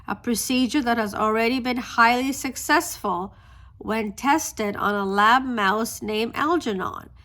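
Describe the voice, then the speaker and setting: A woman, a book vlogger, gushing softly about a favorite novel while talking into a phone camera outdoors on a street. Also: fairly high pitch, unhurried. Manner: gushing, soft-spoken, restarts often. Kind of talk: casual vlog chat. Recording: faint street traffic noise.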